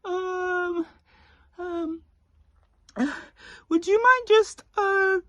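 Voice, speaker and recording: A man voicing a fussy, hesitant female coworker in a high, breathy falsetto, halting with many ums. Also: fairly bright tone, no room sound, exaggerated voice. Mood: flustered.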